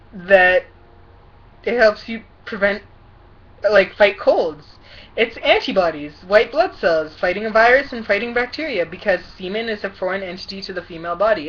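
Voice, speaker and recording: A woman's voice: medium pitch, a bit bright, dull audio. Indignant young woman ranting on a vlog. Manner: indignant, sarcastic, lots of "like". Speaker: vlogger.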